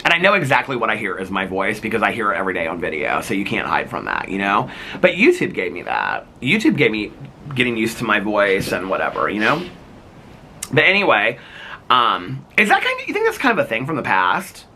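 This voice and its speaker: A man's voice: fairly low pitch, a little fast, a little hiss or hum. A middle-aged man vlogging in a rambling, chatty way, full of "like" and "you know," and laughing at himself as he tells stories. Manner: animated storyteller who laughs at himself. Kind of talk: casual chat to camera.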